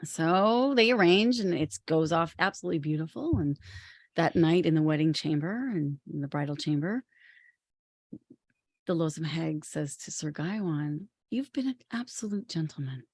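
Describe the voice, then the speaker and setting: A woman podcast co-host retelling a legend in a lively, chatty way. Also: low-pitched, moderate pace, dry recording. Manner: lively, chatty, many "you know"s. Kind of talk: casual storytelling.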